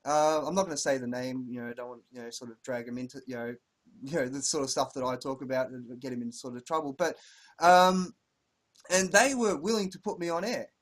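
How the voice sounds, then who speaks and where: A man's voice: medium pitch, brisk. A man from Australia with an Australian accent, hosting an interview in a loose, rambling way with many fillers. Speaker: interview host. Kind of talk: casual interview chat.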